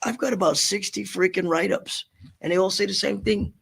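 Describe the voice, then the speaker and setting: High gravelly joking middle-aged man. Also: a little fast. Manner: joking, animated, profane. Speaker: comedian guest. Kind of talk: storytelling in a casual interview. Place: studio. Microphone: large studio microphone.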